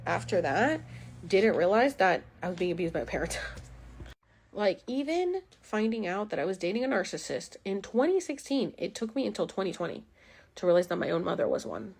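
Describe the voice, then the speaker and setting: A woman's voice: medium pitch, sing-song, fairly quick, vocal fry, a little mellow, slightly rough. A woman in her thirties telling her own story in a candid vlog, emotional and blunt, swearing freely. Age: 30s. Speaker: vlogger.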